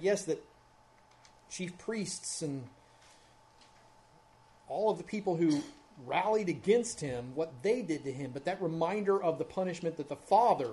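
A man preaching a sermon, earnest and conversational, rising loud when he reads scripture. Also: a little high, moderate pace. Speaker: pastor.

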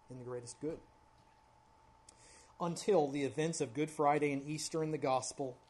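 A male pastor preaching an Easter sermon in a church service, building to loud, high climaxes, then dropping to a hushed prayer.

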